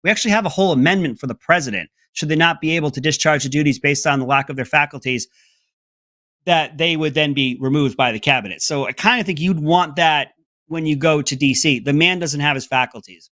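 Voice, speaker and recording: A man's voice: a little fast, bright, forceful tone, no room sound, clean studio sound. A man hosting an opinionated political commentary segment, talking in a mocking, sarcastic way. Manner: mocking, breaks into high mimicking voices.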